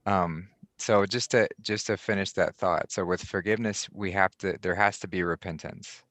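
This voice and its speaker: Male podcast host, very low gravelly voice, measured and reflective, dry sound. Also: fairly even intonation, no echo. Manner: soft-spoken, halting, many restarts.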